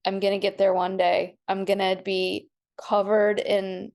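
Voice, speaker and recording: A woman's voice: medium pitch, completely flat delivery, unhurried, creaky. A woman hosting a podcast, chatting casually and effusively with her guest. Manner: effusive, warm-hearted, giggly. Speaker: podcast host. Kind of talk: casual chat.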